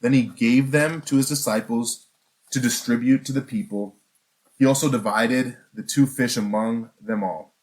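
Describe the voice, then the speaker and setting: A man's voice: mid-range voice, steady tone, moderate pace, darkish tone. A male pastor delivering a sermon in a mid-range voice. He talks earnestly and conversationally, posing questions to his listeners and often restarting his phrases.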